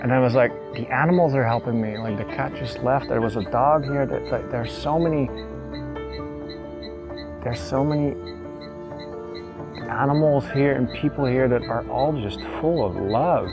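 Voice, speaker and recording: A young man telling an emotional personal story, halting and repeating words as he chokes up with tears. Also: mid-range voice, music in the background, rough recording. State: tearful. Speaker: vlogger.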